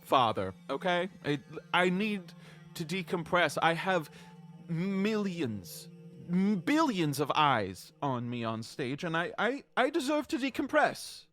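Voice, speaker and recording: A man's voice: high voice, big pitch swings, slow pace, a bit bright, faint music behind, heavily acted. Man playing a haughty young star. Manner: haughty, self-assured, dismissive. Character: vain young male celebrity performer, arrogant and spoiled.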